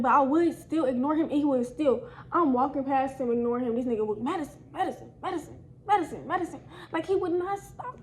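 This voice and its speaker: A woman's voice: sits high, a little hiss or hum, low-quality recording. A young woman telling a storytime to her viewers in a casual, slangy way, talking to them directly. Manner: animated, slangy, addresses viewers as y'all. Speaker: storytime vlogger.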